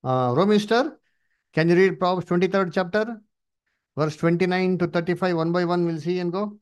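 A man preaching at a Bible study, emphatic and repetitive, swinging his pitch up and down. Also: moderate pace, clear, resonant tone. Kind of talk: sermon with Bible reading.

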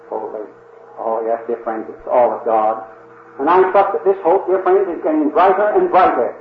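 A man preaching an earnest sermon, repeatedly calling his listeners "dear friends" and rising to emphatic peaks. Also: on the high side. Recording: tinny phone-like band, roomy echo, faint hiss.

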